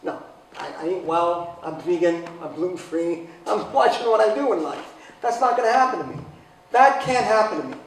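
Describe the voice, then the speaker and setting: A man in his forties telling a comic personal story to a live audience, sarcastic and bursting into loud high exclamations. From Italian heritage. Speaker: event speaker. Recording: echoey hall from far off, faint noise.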